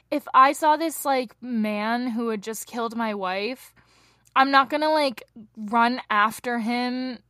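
A woman's voice: a little high, no echo. Chatty tired young woman, dry sound. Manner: chatty and animated, reads out quotes, laughs often. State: tired from little sleep. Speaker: podcast co-host telling a true crime case. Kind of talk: casual true crime chat.

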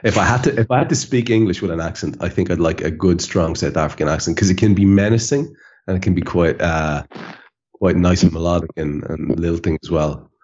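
An Irish man hosting a casual podcast chat, relaxed, stumbling over and repeating words. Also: low-pitched, a little fast, dull audio. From Ireland. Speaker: podcast host.

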